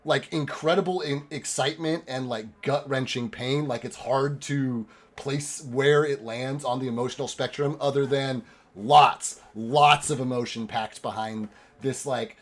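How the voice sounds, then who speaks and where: A man narrating as game master of a tabletop game, excitable and rambling, with lots of filler words. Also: medium pitch, measured pace.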